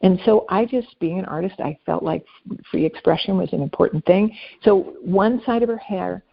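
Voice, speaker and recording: A woman guest telling personal stories in an earnest, conversational way, dropping softly at tender moments. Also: lowish voice, moderate pace, gravelly, slightly rough, lo-fi sound. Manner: earnest, anecdotal, speaks softly at emotional moments. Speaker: podcast guest. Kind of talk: conversational storytelling.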